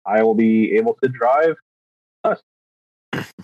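Husky young man telling a story. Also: mid-range voice, measured pace, no room sound. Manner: animated, acts out quotes, frequent restarts and fillers. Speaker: podcast co-host, teacher. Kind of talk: casual storytelling chat. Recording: dry, dull lo-fi recording.

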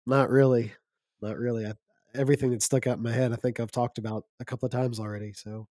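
Male podcast co-host, mid-pitched, easygoing, dry close mic. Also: flat delivery, fast, dark tone, dry recording. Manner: easygoing, thinks aloud with fillers. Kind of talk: casual movie review chat.

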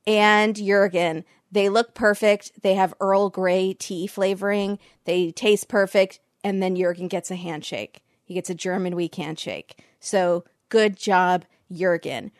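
A woman co-hosts a podcast, chatting casually about a baking show. She laughs often and acts out what people said. Her voice sits at a middle pitch and sounds close and dry. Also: unhurried, hardly any pauses, no room sound. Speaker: podcast co-host. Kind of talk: casual chat recapping a show.

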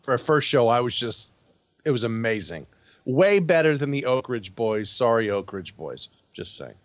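A man in his forties, a podcast co-host, telling a story in a halting, self-correcting way. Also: mid-range voice, sing-song, no room sound. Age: 40s. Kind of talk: casual chat.

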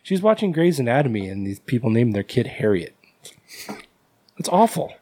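A man's voice: medium pitch, very animated, moderate pace, dark tone. A man co-hosting a casual podcast about horror movies, joking and laughing as he talks. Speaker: podcast co-host. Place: same room as co-host, dry recording.

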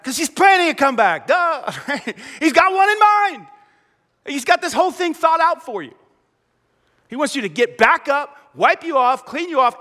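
A middle-aged male pastor preaching an energetic sermon, acting out the prayers and voices he quotes. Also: high voice. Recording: long hall reverb.

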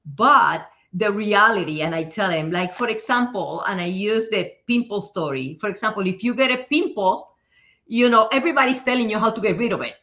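A woman, a real estate agent guest in an interview, calmly giving practical advice with everyday examples. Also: mid-range voice, fairly quick. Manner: calm, advising, gives practical examples. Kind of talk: casual interview chat.

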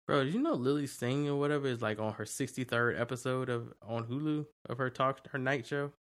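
Man, gravelly co-host, blunt, unimpressed, mid-pitched. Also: fairly quick, a bit bright. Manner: blunt, incredulous, swears a lot. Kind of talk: casual livestream chat.

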